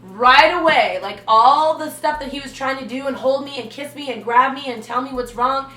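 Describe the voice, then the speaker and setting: A young woman vlogger telling her story with dramatic flair, acting out every quote. Her voice is bright and fairly high. It rings in an echoey room, picked up from some distance. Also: moderate pace. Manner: animated, dramatic, acts out quotes. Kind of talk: storytelling vlog. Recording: echoey room, away from mic.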